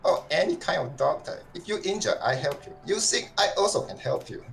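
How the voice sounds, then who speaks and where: A man's voice: high-pitched, expressive, a little fast, creaky, soft background music, pitched above the performer's own voice. A man voicing a very old, traditional male doctor with a heavy Chinese accent, speaking in broken, clipped phrases in a tabletop role-play.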